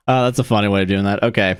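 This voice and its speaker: A man's voice: fairly low pitch, a little hiss or hum. A man livestreaming a game, chatting casually in a rambling, profane way and laughing often. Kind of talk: casual chat while streaming a game.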